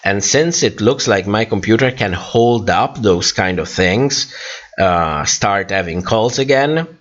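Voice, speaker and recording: A man's voice: on the low side, animated, slow pace, fairly bright tone. A man hosting a casual livestream and reading comments, his voice worn out and tired, rambling with many fillers and restarts. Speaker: livestream host. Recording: dull lo-fi stream audio.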